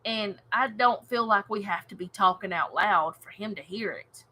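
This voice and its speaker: A woman leading a casual home Bible study, reading scripture and reflecting earnestly with soft laughs. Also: mid-range voice, normal speed, slightly rough, poor audio.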